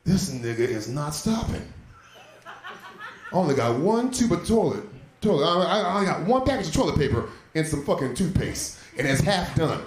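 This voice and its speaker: A man in his thirties tells a profane stand-up story to a live crowd, his pitch leaping around as he acts out the scenes. His voice sits a little high for a man. The stage mic picks up a roomy club echo. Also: wildly swooping pitch, moderate pace, slight background noise. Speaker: stand-up comedian. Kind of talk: stand-up comedy set.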